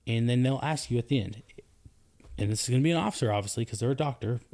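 A man, a soldier and podcast co-host, telling a story in casual chat, his voice climbing high when he gets indignant. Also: quick pace. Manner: animated storytelling, rising pitch when indignant.

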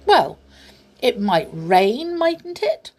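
A woman's voice: medium pitch, big pitch swings, measured pace, a little mellow, breathy edge, pitched above the performer's own voice. A woman voicing a fussy, proud male teddy bear in a storybook reading, talking in a huffy, indignant way.

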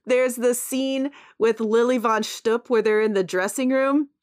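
A woman's voice: a little high, steady tone, a little slow. A woman in a casual podcast chat, animatedly retelling a film and acting out quoted lines between laughs.

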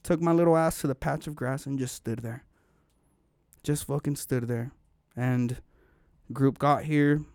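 A man on a podcast telling a long story in casual chat, animated and full of slang and swearing. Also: medium pitch, unhurried, long pauses, dry recording, studio quality.

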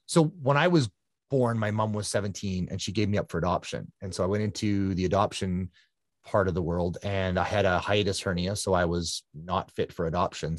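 A man's voice: sits low, dry recording, studio quality. A man, a guest endurance athlete, telling his personal story in an earnest, reflective conversational way, often repeating phrases for emphasis.

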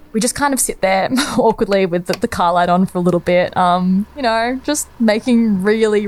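A woman's voice: on the low side, a little hiss or hum. A young woman telling a personal anecdote in a chatty, conversational way, laughing often. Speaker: storyteller.

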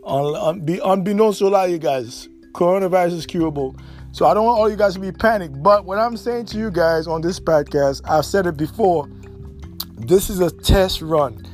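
A man's voice: high-pitched, moderate pace, darkish tone, soft background music. A man hosting a solo podcast, talking in an opinionated, repetitive way with many fillers and restarts. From United States. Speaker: podcast host.

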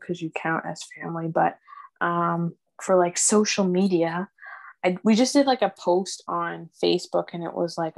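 Animated woman telling a family story. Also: vocal fry. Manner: animated storytelling, acts out quotes with big pitch jumps and laughs. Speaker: mother of twins sharing a story. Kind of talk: casual chat.

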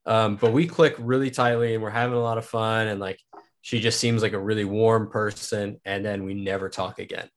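Young male podcast guest with a lowish voice; rambling, casual, profane storyteller. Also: little pitch movement, a little fast. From Kansas. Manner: rambling, heavy use of filler words and swearing.

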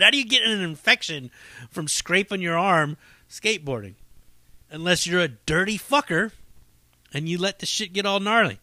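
A man's voice: high-pitched, animated, normal speed, sharp tone, no room sound. A man hosting a podcast, telling stories in a profane, rambling, casual monologue with frequent laughs. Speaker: podcast host and comedy show runner.

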